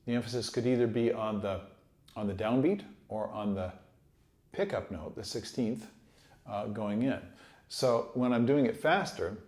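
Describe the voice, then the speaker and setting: A man teaching trumpet in a relaxed, encouraging way, sometimes singing rhythms aloud. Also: fairly low pitch, moderate pace. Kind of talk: relaxed instructional talk. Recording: echoey room.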